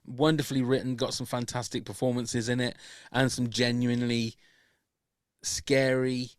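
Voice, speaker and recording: A man's voice: mid-range voice, flat delivery, moderate pace, no echo, studio quality. A man hosting a podcast, enthusiastic, often trailing off between phrases. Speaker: podcast host. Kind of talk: casual chat.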